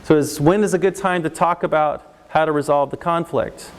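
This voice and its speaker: Middle-aged male counselor, workshop talk, fairly high voice, long hall reverb. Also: normal speed. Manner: animated, acts out parents and kids in raised voices. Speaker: counselor giving a parenting talk. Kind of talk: live workshop talk to an audience. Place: large hall with live audience.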